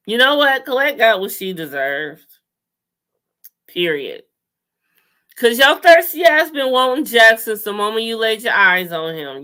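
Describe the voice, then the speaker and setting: A young woman giving a casual, sassy TV episode recap, storytelling with sudden loud outbursts. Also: fairly high pitch, very animated, a little slow. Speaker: recap host.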